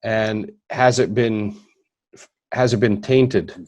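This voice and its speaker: A man's voice: on the low side, fairly even intonation, slow pace, a little mellow. A man hosting a casual podcast interview, talking in a loose, rambling way. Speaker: host.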